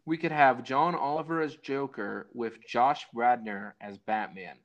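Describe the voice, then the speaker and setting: A man's voice: mid-range voice, steady tone, muffled recording. Rambling man in casual chat. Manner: rambling, halting, self-correcting. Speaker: podcast co-host.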